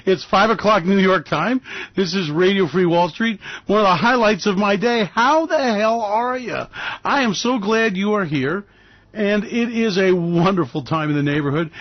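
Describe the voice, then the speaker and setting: A brash male radio host rants through his market commentary with a fairly high voice and a sarcastic edge. The sound is dry and a little dull, like a lo-fi studio feed. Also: normal speed, no echo. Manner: loud, sarcastic, mocking put-on voices. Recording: dry, slightly dull lo-fi recording.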